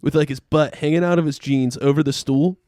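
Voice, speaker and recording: A man's voice: on the high side, a little fast, no echo, clean studio sound. A young man in casual podcast banter, telling rowdy stories with lots of swearing. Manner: profane, animated storyteller. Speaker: podcast co-host.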